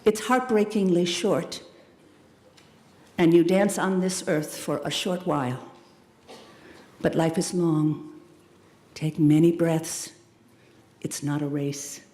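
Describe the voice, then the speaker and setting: A middle-aged woman giving a commencement speech. She talks to the graduates in a warm, emphatic way, calls them "loves" and "darlings", and throws in playful, dramatic asides. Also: sits low, fairly even intonation, slow pace, pauses often. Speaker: commencement speaker. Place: large hall at a school ceremony. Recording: echoey hall, long reverb.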